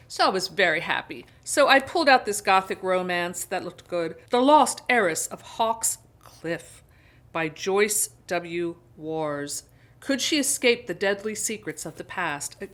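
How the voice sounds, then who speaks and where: A woman's voice: fairly low pitch, fairly bright tone. A woman with an American accent hosting a casual book haul vlog, chatting in a rambling way and reading book blurbs aloud. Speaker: BookTube host.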